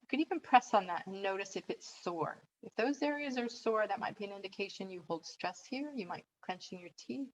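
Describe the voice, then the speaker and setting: A woman's voice: mid-range voice, brisk, poor audio. Woman coach guiding a relaxation exercise. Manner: calm, instructive, leading breathing and stretching.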